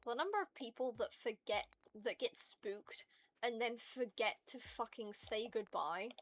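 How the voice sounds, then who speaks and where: A woman streamer chats with her viewers, her voice sitting a little on the high side as she rants with animated, foul-mouthed energy. Faint keyboard clicks and typing sit behind her at the desk mic. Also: unhurried, slight background noise. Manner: profane, animated ranting. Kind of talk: casual chat with stream viewers.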